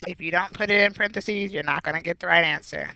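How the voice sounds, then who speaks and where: A woman's voice: fairly low pitch, quick pace, creaky, sharp tone, dry recording, muffled recording. A woman math teacher walking through a geometry review step by step, patient and explanatory. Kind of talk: recorded geometry review lesson.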